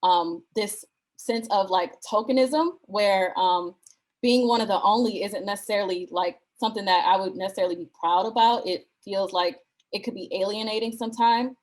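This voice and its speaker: A woman from Michigan answers on a panel in a thoughtful, measured way. She pauses often as she gathers her words, keeping an even, mid-pitched voice. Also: low-quality recording. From Flint, Michigan. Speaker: alumna panelist. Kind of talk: panel discussion.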